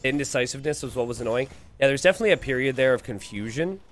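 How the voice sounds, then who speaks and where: A man's voice: mid-range voice, very fast, faint music behind. A man commentating a strategy game live on stream and reading the chat aloud. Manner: animated, reads viewer chat aloud.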